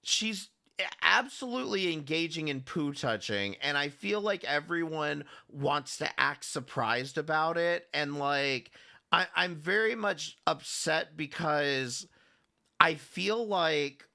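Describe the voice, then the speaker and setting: Running a live commentary stream, this man speaks slowly and expressively in a somewhat high, gravelly tone that comes across as pushed and bright. His talk is loose and sarcastic, full of restarts, curses, and shout-outs to chatters by name.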